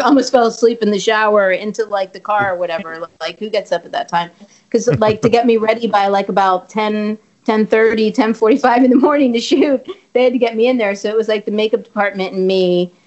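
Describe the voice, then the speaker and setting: A woman appears as a guest actress in an interview, chatting casually and rambling, swearing freely and leaning on filler words. Her voice is medium-pitched and darkish, in dull lo-fi audio.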